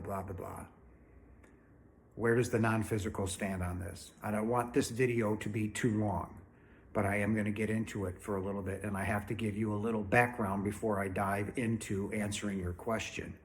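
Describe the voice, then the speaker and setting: Blunt, earnest man, low voice. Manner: blunt, earnest, emphatic, no-nonsense. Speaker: spiritual channel host. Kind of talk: direct-to-camera spiritual talk. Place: home, indoors.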